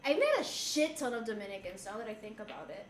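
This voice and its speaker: A woman's voice: mid-range voice, big pitch swings, fast talker. A woman from Rico, chatting casually with her stream viewers and laughing often as she switches between English and Spanish. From Puerto Rico. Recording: roomy with faint background noise.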